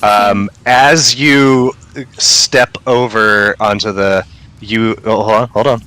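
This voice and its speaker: A man narrating a tabletop game as game master, halting, with many ums and restarts. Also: fairly low pitch, fairly even intonation, pushed and bright, slight background noise, rough recording.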